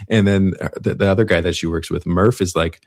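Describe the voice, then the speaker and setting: Deep-voiced man rambling through a movie recap. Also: steady tone, fairly quick. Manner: rambling, self-interrupting, laughs often. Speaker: podcast co-host.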